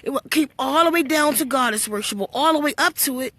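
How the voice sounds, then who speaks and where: A woman's voice: high-pitched, fast talker, a bit bright, no echo. A woman telling her spiritual story to live-stream viewers, blunt and full of swearing, preachy and storytelling. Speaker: livestream host.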